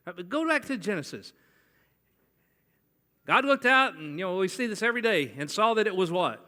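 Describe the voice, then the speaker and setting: Bright-voiced male preacher in reverberant hall. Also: high-pitched, lively intonation, normal speed. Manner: conversational, asks the congregation questions. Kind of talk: sermon. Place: church sanctuary. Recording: long church hall reverb.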